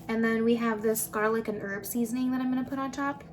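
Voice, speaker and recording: A woman's voice: fairly high pitch, steady tone, brisk, hardly any pauses, background noise. A young woman talking casually through a cooking vlog, chatty and upbeat, with lots of fillers. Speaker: vlogger.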